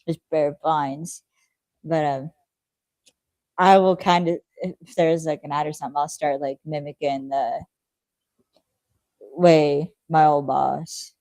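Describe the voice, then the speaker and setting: Low-voiced relaxed woman. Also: slow pace, long pauses, dry recording, rough recording. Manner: relaxed, rambling, swears casually. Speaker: co-host. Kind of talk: casual chat reacting to a TV episode.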